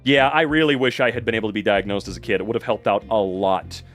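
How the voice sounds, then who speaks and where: A young adult man chatting on a livestream, reacting to chat, excitable, swearing and laughing often. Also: fairly low pitch, fast talker, soft background music.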